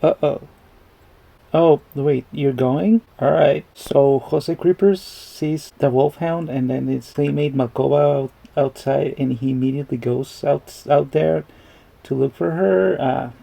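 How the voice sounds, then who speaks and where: This is a man riffing through a movie reaction in casual, rambling commentary. His voice is gravelly and a little husky, with a mellow, dark tone. He chuckles along and swears without a second thought. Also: mid-range voice, fairly even intonation, unhurried, rough recording.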